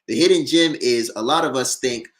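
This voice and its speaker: A man's voice: mid-range voice, normal speed, a bit bright. A man, a former rapper turned entrepreneur, talking earnestly in a casual discussion, repeating words as he builds his points.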